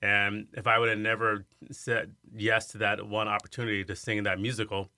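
Guy in his 50s from iowa, super bright forceful voice, tells stories animated, dry close mic. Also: fairly low pitch, brisk, dry recording. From Iowa, USA. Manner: animated storyteller who acts out quoted voices. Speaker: guest, singer and arts center director. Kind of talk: storytelling in an interview.

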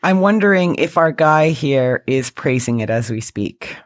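A woman's voice: very deep voice, lively intonation, a little slow, dry recording. A woman from the UK co-hosting a podcast, chatting casually with dry, wry remarks. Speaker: podcast co-host. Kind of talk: casual chat.

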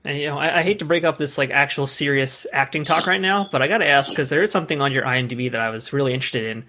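A man's voice: mid-range voice, racing, pushed and bright. A man hosting an interview, asking questions eagerly and enthusiastically. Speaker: interview host. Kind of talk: casual interview.

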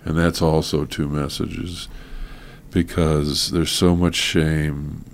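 A man with a very deep, gravelly voice talks slowly and earnestly, pausing often with fillers as he explains his teaching. A faint hiss sits under the recording. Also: little pitch movement. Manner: slow, earnest, halting with many fillers. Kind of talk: casual conversation.

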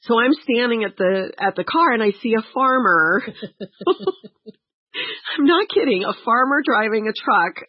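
A woman's voice: fairly high pitch, animated, normal speed, no room sound, muffled recording. A woman co-hosting a podcast, telling a travel story in casual chat, laughing often and acting out quotes. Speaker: podcast co-host.

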